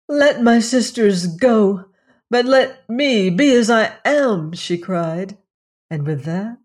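Audiobook narrator: woman, lower voice, unhurried, solemn fairy-tale delivery. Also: warm tone. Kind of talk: storybook reading.

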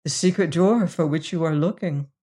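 Reader voicing a shrewd, sharp-tongued woman, crisp and contemptuous, audiobook reading. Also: sits low, fairly quick. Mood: cool. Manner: crisp, scornful and firm.

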